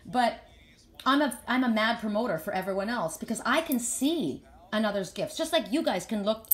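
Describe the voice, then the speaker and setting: A woman in the middle pitch range chats openly with her online followers as a spiritual reader and healer. Her speech is earnest and rambling, with repeated words where a sentence begins. The room around her gives the voice a noticeable echo. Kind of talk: casual live chat to followers.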